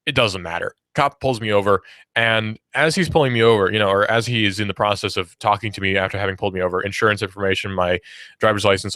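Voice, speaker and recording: Recorded cleanly on a studio microphone with no room sound, a young Georgian radio host speaks in a lowish, fairly bright voice. He talks casually about who's on the station's lineup and reads the news, poking fun at himself along the way.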